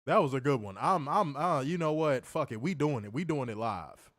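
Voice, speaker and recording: Here a wrestling show co-host reads viewer super chats aloud on a live review stream, laughing a lot and swearing casually. He sounds animated and a bit bright, medium in pitch, at a normal speed. The studio audio is clean, with no room sound.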